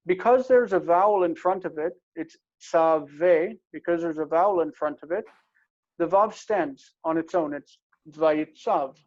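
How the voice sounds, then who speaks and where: A man teaching a casual Hebrew grammar lesson, explaining step by step and repeating words slowly. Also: high voice, darkish tone. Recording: dull lo-fi recording.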